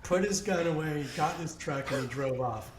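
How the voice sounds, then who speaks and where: A man guesting on a podcast, telling a long anecdote in a casual, animated way and laughing along as he goes. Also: a little high, a little fast, roomy sound, background noise. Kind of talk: casual storytelling.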